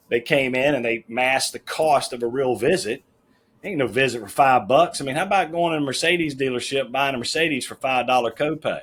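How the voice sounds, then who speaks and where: A middle-aged man talks as a podcast guest, with a husky grain to his voice. He tells his stories in an emphatic, folksy, plain-spoken way, with a casual and direct manner. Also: mid-range voice, a bit bright. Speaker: podcast guest, managing partner of a health-plan firm. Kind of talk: casual interview storytelling.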